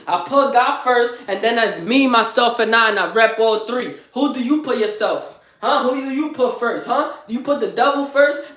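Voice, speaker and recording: Live on his motivational vlog, a young adult man with a strikingly high, slightly bright voice boasts in street slang to hype himself up. He keeps repeating lines and quizzing his listeners, and the room is echoey.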